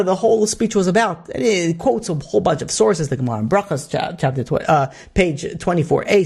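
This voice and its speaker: A man's voice: fairly high pitch, a little mellow, slightly rough. A man, a rabbi, telling a story in a sermon, rambling with many asides and restarts.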